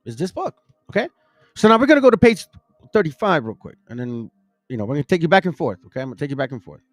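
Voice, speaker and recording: A man's voice: on the high side, very animated, fast talker, dry recording, soft background music. A man hosting a casual livestream chat, talking informally as he pages through a book and insists he is telling the truth. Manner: informal, conversational, insisting he is not lying. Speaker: host showing a book page by page.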